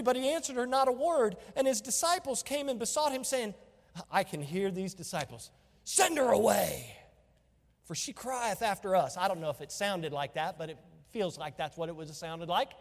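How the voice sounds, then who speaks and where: A man's voice: high voice, brisk, long reverb tail. A man preaching a sermon as pastor, emphatic and full of rhetorical questions.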